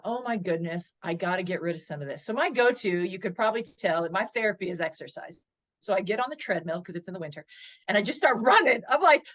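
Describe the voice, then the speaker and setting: A woman's voice: mid-range voice, dull audio. Woman in her forties telling a story. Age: 40s. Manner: lively, acts out her own inner dialogue. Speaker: podcast guest, motivational speaker. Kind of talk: storytelling in an interview.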